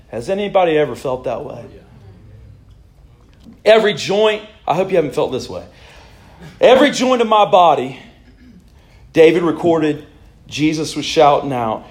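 High-pitched preacher, dramatic swings. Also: male voice, very animated, moderate pace, pauses often, echoey room. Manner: dramatic, rising and falling delivery, reads scripture aloud. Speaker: pastor. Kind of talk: sermon.

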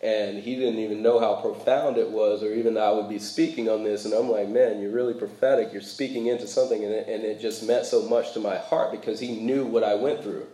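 Mellow-voiced man preaching conversationally. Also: on the low side, little pitch movement, a little fast, hardly any pauses, roomy sound, rough recording. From United States. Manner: conversational, frequent fillers, laughs while telling stories. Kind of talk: sermon talk.

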